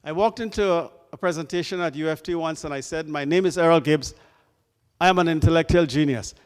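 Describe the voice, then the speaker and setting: A man gives a talk to a community meeting in an emphatic, sermon-like way. He throws out rhetorical questions and punches key words. His somewhat higher voice carries a long reverb from a large hall. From Canada. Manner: emphatic, rhetorical questions, lively preacher-like delivery. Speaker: guest speaker.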